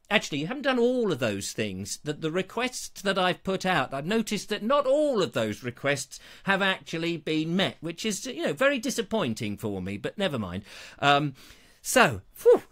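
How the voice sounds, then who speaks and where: A man's voice: high-pitched, big pitch swings, normal speed, fairly bright tone. A man hosting his own live show, chatting in a rambling, self-mocking, jokey way. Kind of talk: chatty live-stream banter.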